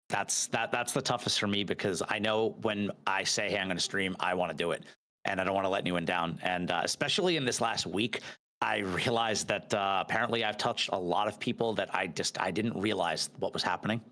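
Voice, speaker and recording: A man guest on a gaming podcast, talking in a rambling, halting way with many fillers and restarts. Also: on the low side, a bit bright. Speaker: podcast guest and live streamer. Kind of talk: casual podcast chat.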